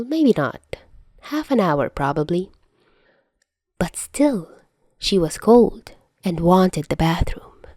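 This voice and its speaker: A woman narrating fan fiction as a podfic reader, soft and hushed, often dropping into whispers. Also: lowish voice, dry recording.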